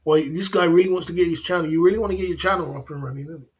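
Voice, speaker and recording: A man's voice: fairly high pitch, steady tone, very fast. A man hosting a livestream, rambling and teasing viewers with chuckles in casual banter. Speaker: livestream host.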